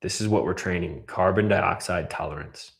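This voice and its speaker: A man coaching a guided breathwork class, calmly cueing breaths and counting down holds. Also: sits low, moderate pace, vocal fry. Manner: calm, counts down and cues breaths.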